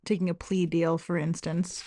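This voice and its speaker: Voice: medium pitch, level tone, moderate pace, warm tone. A podcast host interviewing a guest and prompting him with brief follow-up questions.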